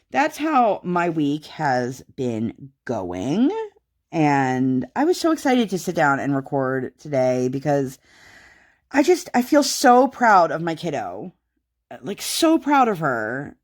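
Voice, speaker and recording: Casting: woman, 30s, low voice, chatty rambling vlogger, lots of "um" and "like". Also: huge pitch swings, takes it slowly. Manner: rambling, many fillers. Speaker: craft vlogger. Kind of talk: casual chat.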